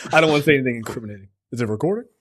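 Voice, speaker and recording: A man co-hosting a casual film review podcast, joking and talking fast over the others. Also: medium pitch, lively intonation, fairly bright tone. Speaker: podcast co-host.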